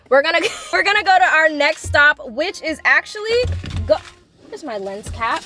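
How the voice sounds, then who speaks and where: A woman's voice: sits high, bright, forceful tone. A woman, chatting casually to the camera in a playful vlog, laughing often. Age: 20s. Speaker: vlogger. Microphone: camera mic.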